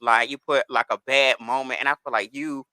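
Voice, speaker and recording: A man's voice: mid-range voice, fairly even intonation, brisk, bright, forceful tone, smooth, no room sound. A man as a podcast guest, telling candid stories in casual chat and slipping into the voices of people in them. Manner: candid storytelling, slips into voices of others.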